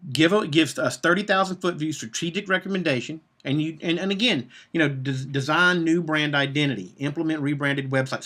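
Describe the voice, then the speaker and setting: This man, speaking in a mid-range, slightly bright voice, coaches agency owners over live video. He's blunt and swears freely, repeatedly tacking on "okay?" to drive points home in his Facebook Live business talk.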